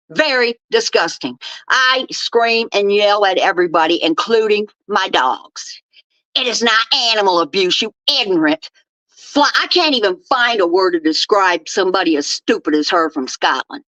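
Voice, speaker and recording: A woman's voice: mid-range voice, bright, forceful tone, no room sound, highs cut off. An older woman from Texas, hosting her own show with blunt, profane, scolding rants. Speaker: show host. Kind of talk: ranting commentary.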